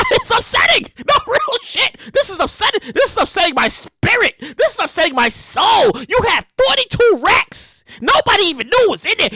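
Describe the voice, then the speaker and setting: A woman podcast host giving comedic news commentary in an animated, exclaiming way, often repeating herself. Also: extremely high pitch, dry recording.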